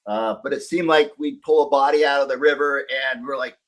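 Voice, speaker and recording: A man's voice: mid-range voice, fairly quick. Middle-aged man, plain mid voice, candid podcast guest, swears freely, recaps his life. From Northern California. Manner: candid, profane storytelling. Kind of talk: casual podcast conversation.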